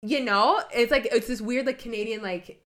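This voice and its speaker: A woman's voice: fairly high pitch, moderate pace, fairly bright tone, slight background noise. Young woman, from Ohio, podcast co-host, casual rambling chat, filler-heavy, mimics accents. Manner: chatty, many fillers, puts on accents while telling stories.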